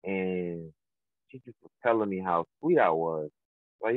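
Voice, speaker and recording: A man's voice: sits low, lively intonation, a little slow, no room sound. A young man, a boxer, talking loosely on a call-in interview, rambling with lots of fillers and restarts. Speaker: professional boxer, guest. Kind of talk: casual phone interview. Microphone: phone. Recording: tinny dry phone line.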